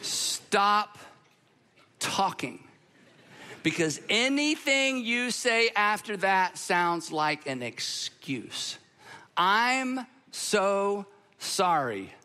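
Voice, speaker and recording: A man delivers a sermon in a high, bright voice that swings widely in pitch. He is emphatic and instructive, slowing down for key phrases and drawing the crowd into repeating them. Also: big pitch swings. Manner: emphatic, teaching with pauses and call-and-response. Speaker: pastor.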